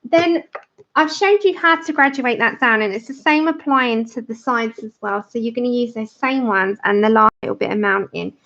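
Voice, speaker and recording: A woman's voice: on the high side, moderate pace, a bit bright. A woman hosting a colouring livestream, chatting casually and explaining each step as she works. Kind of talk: casual tutorial chat while colouring. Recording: dull lo-fi livestream audio.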